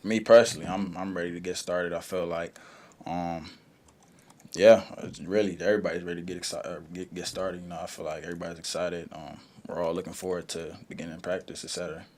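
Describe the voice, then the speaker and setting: Low-voiced young man with many fillers. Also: fast talker. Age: young adult. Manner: relaxed, leans on "you know" and "um" fillers. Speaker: college football player. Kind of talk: press conference answers.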